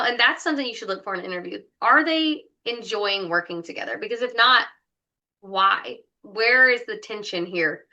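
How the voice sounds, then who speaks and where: Bright, upbeat woman giving advice. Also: medium pitch. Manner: upbeat, enthusiastic advice-giver. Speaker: co-host, dental recruiter. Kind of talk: casual podcast chat.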